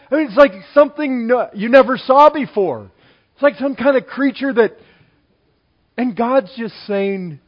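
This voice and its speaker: A man preaching a sermon in an animated way, swinging between loud exclamations and quiet asides. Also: extremely high pitch, normal speed, dull audio.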